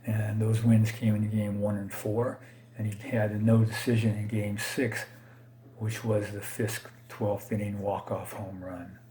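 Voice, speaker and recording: A man's voice: on the low side, level tone, measured pace, dark tone, a little hiss or hum. A man casually talking through his collection, hesitant and rambling, often correcting himself and joking about his own mistakes. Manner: self-deprecating, laughs at own slips. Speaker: card collector vlogger. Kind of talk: casual unscripted commentary.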